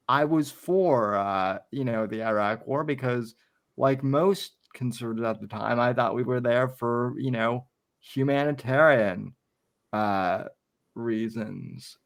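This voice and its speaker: A man co-hosting a casual political chat show, speaking haltingly with frequent restarts and asides to the audience. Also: mid-range voice. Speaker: podcast co-host.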